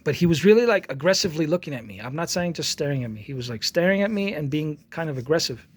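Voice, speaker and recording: A man's voice: a little high, expressive, fast, slight background noise. A man in his forties, an artist talking casually to his channel, rambling with many restarts and acting out both sides of an argument as he tells a story. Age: 40s. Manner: rambling, with frequent restarts and repeated words. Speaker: artist vlogger. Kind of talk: casual monologue.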